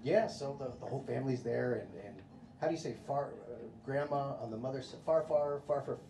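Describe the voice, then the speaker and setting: A man's voice: mid-range voice, brisk, dark tone, slight background noise. An American man performing a stand-up comedy set, telling stories in a laid-back way and putting on mock voices. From United States. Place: comedy club stage. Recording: echoey club, live crowd. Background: audience laughter.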